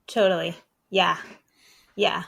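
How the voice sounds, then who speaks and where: A woman's voice: lowish voice, little pitch movement, takes it slowly, creaky, a bit bright, breathy edge. A woman around thirty, a breathwork coach on a podcast, talking in a chatty way with lots of 'like' and casual swearing.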